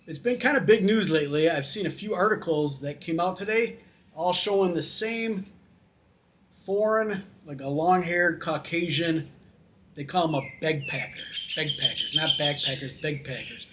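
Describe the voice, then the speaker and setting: A man's voice: on the high side, normal speed, fairly bright tone, a little hiss or hum. A man talking casually and with opinions in a travel vlog, telling stories and commenting to his viewers. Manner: chatty, opinionated storytelling. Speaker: vlogger. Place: in Thailand.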